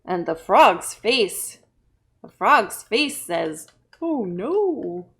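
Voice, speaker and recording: A woman children's librarian reading a picture book aloud to kids, playful and bursting into loud exclamations. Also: mid-range voice, animated, extremely slow, gravelly. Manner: playful, with big shouted exclamations.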